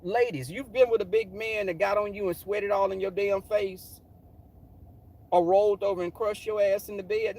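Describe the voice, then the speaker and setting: A man's voice: normal speed, gravelly. A middle-aged man telling a story casually and animatedly, sassy and profane. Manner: animated, sassy, profane, jumps into high voices for quotes.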